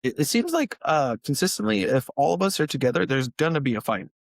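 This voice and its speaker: A man's voice: big pitch swings, brisk, gravelly, dry recording, poor audio. A young man co-hosting a podcast, telling family stories in casual chat and acting out quoted lines. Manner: storytelling, acts out quotes in high voices. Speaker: podcast co-host.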